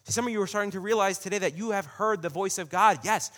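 Brief: male pastor, fairly high voice, casual direct sermon style. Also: quick pace, fairly bright tone. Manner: conversational, addresses the congregation directly.

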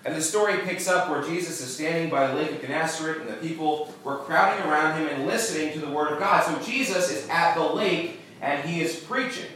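A man's voice: on the high side, a little fast, hardly any pauses, a bit bright, slight background noise. A man preaching a sermon as pastor, emphatic, with call-and-response to the congregation. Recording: echoey church room, distant mic.

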